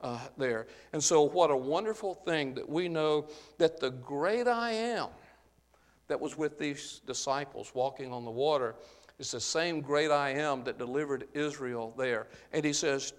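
A man's voice: on the high side, normal speed. Earnest preacher man in a reverberant hall. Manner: earnest, explanatory, with frequent "uh" fillers. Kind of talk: Bible-teaching sermon. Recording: long reverb of a large hall.

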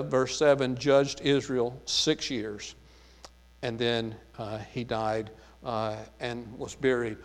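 Southern guy reading scripture then explaining it, lots of "uh, there", long hall reverb. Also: medium pitch. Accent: light Southern US. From American South. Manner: reads scripture aloud, then explains it with frequent "uh, there" fillers. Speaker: Bible teacher. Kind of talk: Bible study sermon.

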